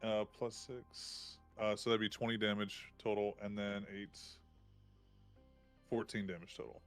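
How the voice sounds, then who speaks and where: A man plays in a tabletop game, calling out his attacks and damage rolls. His voice is low and relaxed. Faint music plays in the background. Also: unhurried. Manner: relaxed, counting out rolls aloud. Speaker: player. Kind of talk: casual game talk.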